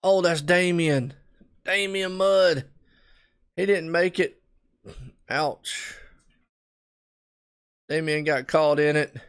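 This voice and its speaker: A man from North Carolina with a Southern US accent, calling a live race in a chatty, excitable play-by-play that keeps turning to folksy asides to viewers. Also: a little high, slow pace, long pauses, smooth. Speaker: race commentator.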